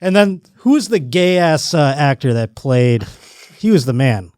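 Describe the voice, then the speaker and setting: Animated, foul-mouthed podcast host man. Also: on the high side, measured pace, no room sound, studio quality. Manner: profane, joking, rambling. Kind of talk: casual podcast chat.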